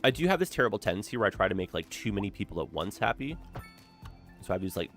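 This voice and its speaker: A lowish male voice with lively, bouncing intonation, a young man chatting to his live-stream viewers while he builds a city. He talks casually and upbeat, peppering his talk with "like" and "eh?". Faint music plays behind him. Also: rapid-fire, gravelly.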